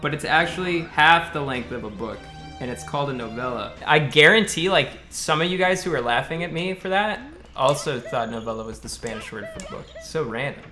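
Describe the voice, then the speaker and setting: A young man live-streaming a speedrun, chatting with his viewers in a blunt, profane, joking way. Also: medium pitch. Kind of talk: casual live-stream chat while gaming. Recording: game music playing clearly underneath.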